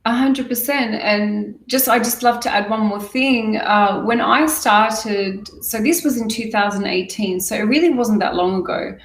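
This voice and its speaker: A woman podcaster, a guest on an interview show, telling her story candidly and in lively fashion with many restarts. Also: medium pitch, measured pace, hardly any pauses. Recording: roomy and distant from the mic.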